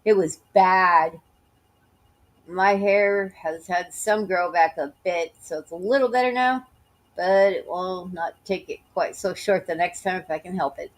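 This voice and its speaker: A woman with a slight Southern US accent, reading emails aloud and breaking in with blunt, mocking asides. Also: lowish voice. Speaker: YouTuber reading letters aloud. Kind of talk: reading emails with sarcastic commentary.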